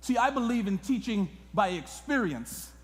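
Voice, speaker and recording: Impassioned high-voiced male preacher. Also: very animated, normal speed. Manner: impassioned preaching, swinging from hushed to loud. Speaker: guest pastor. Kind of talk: sermon. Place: church sanctuary. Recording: long reverb of a church hall.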